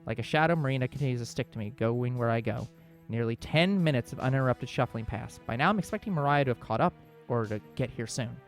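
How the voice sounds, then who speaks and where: A man's voice: mid-range voice, faint music behind. A man hosting a let's play, reading a visual novel's narration aloud with small slips. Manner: quick, steady storybook reading with small slips.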